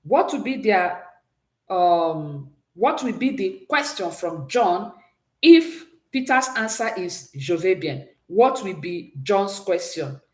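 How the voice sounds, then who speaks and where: A woman's voice: mid-range voice, big pitch swings, slow. Encouraging woman teacher in an echoey room. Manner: patient, praises often, drills pronunciation with repeat-after-me prompts. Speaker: French teacher. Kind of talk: exam-prep language lesson.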